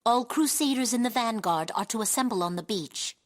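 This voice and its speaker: A courteous soldier officer, voiced by a woman, addresses a summoner formally in a game. Her voice sits a little high. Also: lively intonation, a little fast, natural voice. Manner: polite, formal.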